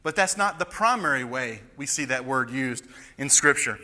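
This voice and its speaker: A man's voice: mid-range voice, lively intonation, moderate pace, bright, forceful tone. A man preaching an expository sermon, emphatic and building to fervent passion. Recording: long reverb of a large hall.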